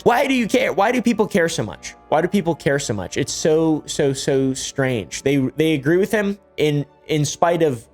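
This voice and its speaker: A man doing YouTube reaction commentary, ranting and swearing in an irritated way. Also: a little high.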